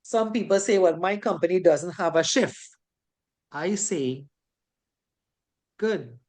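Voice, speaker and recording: A woman's voice: fairly low pitch, expressive, slow pace, a little mellow. A woman from the Caribbean with a Caribbean English accent, teaching a safety course in a chatty classroom lecture style and ending many sentences with "right?".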